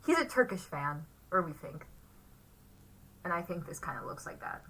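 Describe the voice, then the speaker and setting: A woman's voice: lowish voice, very animated, normal speed, fairly bright tone, breathy edge, far from the mic, poor audio. A woman co-hosting a casual chat show, playful and teasing, often laughing. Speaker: podcast co-host.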